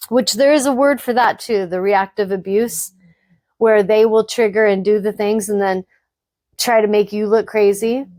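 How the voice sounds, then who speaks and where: A woman's voice: on the high side, a little mellow, no room sound, clean studio sound. A woman hosting a spiritual podcast, speaking frankly to her listeners in an emphatic, blunt monologue that swears freely.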